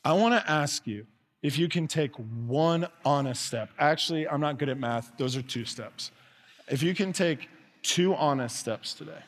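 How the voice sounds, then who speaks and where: A man's voice: on the high side, normal speed. Earnest preaching man in a reverberant hall. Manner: earnest preaching, swings between soft and loud. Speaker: pastor. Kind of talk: sermon. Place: church sanctuary. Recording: long reverb of a large hall.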